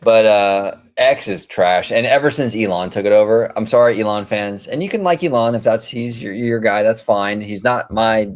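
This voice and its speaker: A man hosting a casual theme-park podcast, venting in an exasperated, animated way with lots of fillers. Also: fairly low pitch, moderate pace, hardly any pauses. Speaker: podcast host. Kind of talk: casual chat.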